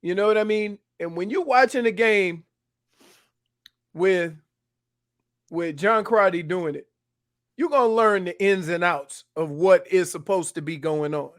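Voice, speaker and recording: A man co-hosts a sports radio show, talking casually in a high voice. He often restarts his sentences as he explains his point. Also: unhurried, long pauses, a bit bright, dry recording, clean studio sound. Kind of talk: sports talk radio banter.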